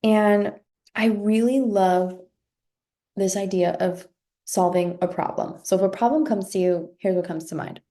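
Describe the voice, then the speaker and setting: A woman's voice: mid-range voice, fairly even intonation, unhurried, dark tone. A woman in her thirties, a life coach and podcast host, giving an earnest motivational talk, often repeating words and tagging thoughts with a rhetorical "right?".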